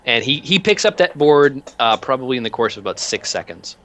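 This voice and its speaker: A man narrating as game master in a tabletop game, animated and rambling with many fillers. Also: medium pitch, brisk.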